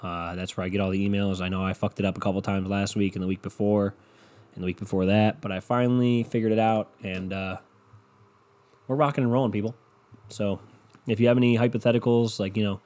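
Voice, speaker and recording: A man's voice: lowish voice, fairly even intonation, brisk, a little mellow. A man hosting a casual solo podcast, rambling and swearing, with a runny nose. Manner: rambling, profane, self-deprecating. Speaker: podcast host. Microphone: podcast microphone.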